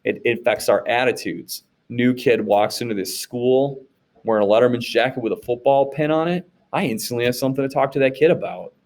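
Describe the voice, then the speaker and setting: A man's voice: mid-range voice, fairly quick, darkish tone. A man from the United States teaching a class in a casual, conversational way, often asking rhetorical questions and checking in with "okay?". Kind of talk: recorded classroom lecture recap.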